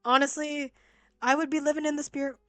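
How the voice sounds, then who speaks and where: A young woman streaming a game, chatty and excitable, reacting and reading story lines aloud. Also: high-pitched, fast, dry recording. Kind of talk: casual game-stream commentary. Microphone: laptop mic.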